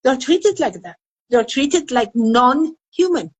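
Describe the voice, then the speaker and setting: Husky older woman, earnest and insistent. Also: high-pitched, sing-song, measured pace, no room sound, rough recording. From Afghanistan. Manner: earnest, repeats phrases for emphasis. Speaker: women's rights activist. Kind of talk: emotional interview. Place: indoors in Kabul.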